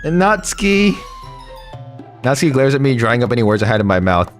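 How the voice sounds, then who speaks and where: A young man streams a story game, playfully reading the text aloud, jumping between voices and chatting with his audience. His mid-range voice is sing-song and fairly quick, with faint music in the background.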